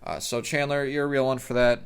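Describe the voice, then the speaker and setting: A man's voice: medium pitch, flat delivery, fairly quick, creaky, clear, resonant tone. A young man telling a rambling, profane story in a casual vlog, often correcting himself. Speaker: storyteller vlogger.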